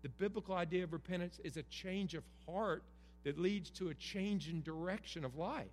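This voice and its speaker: A middle-aged man delivers an earnest sermon, leaning on emphatic repetition. His voice sits a touch high. The hall carries a long reverb over a faint hum. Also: moderate pace, darkish tone. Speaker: pastor. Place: church sanctuary.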